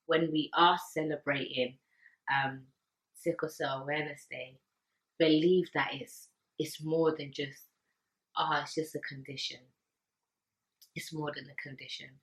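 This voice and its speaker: A young woman from the UK talking earnestly and emotionally to camera, pausing often and repeating words. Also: deep voice, fairly bright tone, rough recording. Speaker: vlogger. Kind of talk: personal talk to camera.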